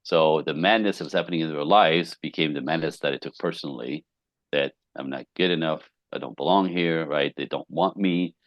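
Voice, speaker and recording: A man who is a relationship coach, telling client stories on a podcast with lively acted-out quotes and casual swearing. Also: very deep voice, brisk, dry recording, highs cut off. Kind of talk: podcast interview guest.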